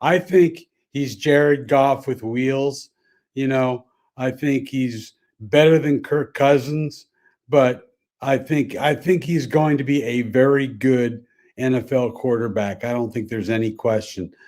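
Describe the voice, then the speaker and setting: A man's voice: mid-range voice, takes it slowly, a little mellow. A man appearing as a sports columnist guest on a radio show, giving his opinions in an easygoing, confident way. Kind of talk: casual sports radio chat.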